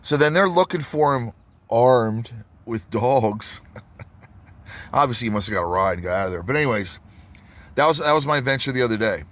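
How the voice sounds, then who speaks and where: A man talking casually to his viewers about something that happened to him, in a voice of ordinary pitch. He rambles and starts over often, and he keeps stopping to check in with his audience. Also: lively intonation, moderate pace, pauses often, fairly bright tone. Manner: rambling, frequent restarts and asides to viewers. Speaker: tattoo artist. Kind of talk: casual storytelling vlog.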